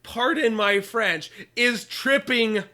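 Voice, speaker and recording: Bright, high-voiced young man chatting about anime. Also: takes it slowly. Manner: animated, laughs often, acts out characters in exaggerated voices. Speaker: podcast co-host. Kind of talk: casual anime review chat.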